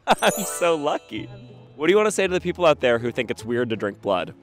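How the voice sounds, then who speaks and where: A man's voice: fairly high pitch, big pitch swings, moderate pace, soft background music. Playful man interviewing a child outdoors. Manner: playful, teasing, exaggerated reactions. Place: outdoors in snow.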